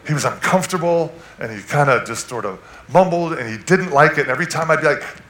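A man preaching a sermon, telling a personal story with animated swings from loud to hushed. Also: a little high, fast talker, reverberant. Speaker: guest preacher. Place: church sanctuary.

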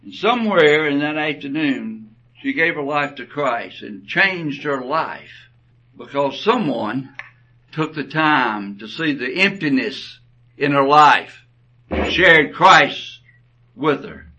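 A man preaching a sermon, telling stories slowly and deliberately, his phrases often trailing off softly. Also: on the high side, lively intonation. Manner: slow, deliberate storytelling with soft trailing phrases. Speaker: pastor. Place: church. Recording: dull, distant church recording.

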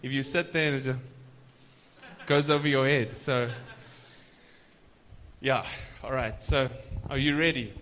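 A man preaching a sermon at a church conference, stretching key words slowly for emphasis and prompting the audience to answer back. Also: mid-range voice, fairly even intonation, a bit bright, slight background noise.

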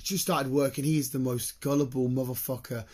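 A man's voice: mid-range voice, steady tone, normal speed, a little mellow, husky. A man in his late twenties who works in construction, telling stories in casual chat, laughing often and swearing freely. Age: late 20s. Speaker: construction worker.

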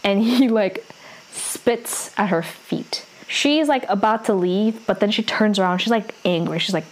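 A woman's voice: medium pitch, rough recording. A young woman casually retelling a drama's plot, filling her sentences with "like" and "um". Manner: chatty, fills every pause with "like" and "um". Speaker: drama recapper. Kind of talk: casual story recap.

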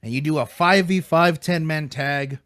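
A man hosting a podcast in casual chat, excitable, rambling and playfully brash, eating while he talks. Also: fairly high pitch, normal speed, no echo, clean studio sound. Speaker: podcast host.

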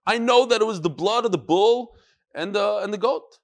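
A man teaching a Talmud class, telling the story with animated quotes and Hebrew and Aramaic terms. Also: sits high, normal speed.

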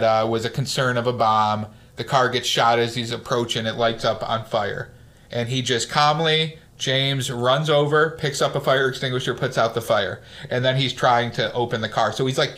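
Guy on a podcast recapping a movie, chatty, acts out the lines. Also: medium pitch. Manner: animated storyteller, acts out quotes. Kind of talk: casual movie recap chat.

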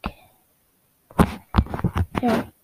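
A woman's voice: slow, a little mellow, low-quality recording. A young woman casually reading her own story aloud, often correcting herself and dropping into whispered asides. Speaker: reader of her own fan fiction.

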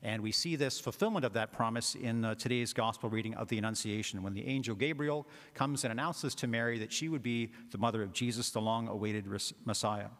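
A man's voice: medium pitch, fairly quick, few pauses, fairly bright tone. A man, a parish priest, giving a conversational homily with frequent filler words. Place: church. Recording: long church reverb.

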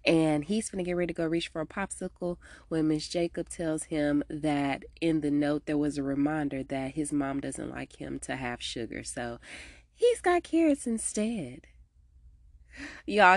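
A woman hosting a podcast, casually recapping a TV episode in a slangy, animated way and acting out the characters' lines. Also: dry recording, clean studio sound. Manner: animated, slangy, acts out characters' lines with big pitch jumps.

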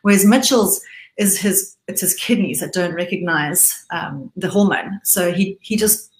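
A middle-aged woman from southern Africa, a guest speaking candidly in casual conversation, halting and restarting often. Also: lowish voice, echoey room, low-quality recording.

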